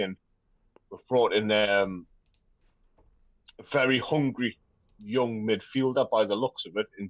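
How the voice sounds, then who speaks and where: Guest pundit, man, lowish voice, dull dry line, keen and chatty. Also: no room sound. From Bolton, England. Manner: enthusiastic, repeats words when excited. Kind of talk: casual football chat.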